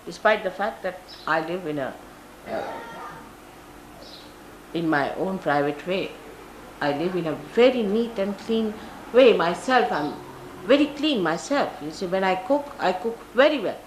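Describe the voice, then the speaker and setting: An older woman from India speaks in Indian English at a middle pitch, giving a spiritual talk full of anecdotes. She acts out the voices of the people in her stories. The live archival recording is roomy, with a faint hiss behind her. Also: expressive, measured pace, pauses often. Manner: storytelling, acts out quoted people. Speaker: spiritual teacher.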